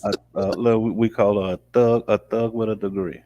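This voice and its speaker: A man from the New Orleans area talks as a guest in a relaxed live-stream chat. His voice sits fairly low, and he explains things at an easy pace. The sound is dry and close. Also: fairly quick, no echo, muffled recording, faint music behind. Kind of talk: casual chat.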